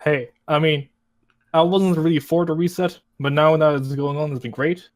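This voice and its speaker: A man speaks as a guest on a casual group podcast over a voice call. He sounds upbeat and jokey, and his voice sits a little higher than most men's. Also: steady tone, moderate pace.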